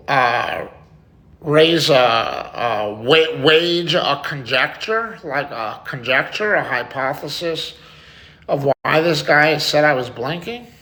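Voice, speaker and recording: A man's voice: on the high side, gravelly, bright, forceful tone. A man hosting a casual livestream, chatting to viewers, reading their comments aloud and swearing freely. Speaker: livestream host.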